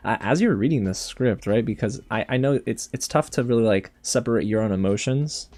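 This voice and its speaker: A man's voice: medium pitch, animated, fairly quick, a little mellow. A man hosting a fan interview, asking long, rambling, enthusiastic questions. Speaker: interview host.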